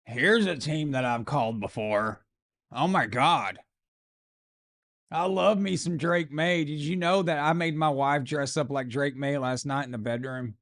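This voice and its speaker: A man's voice: a little high, measured pace, fairly bright tone. A man putting on a gushing football commentator's voice during a livestream.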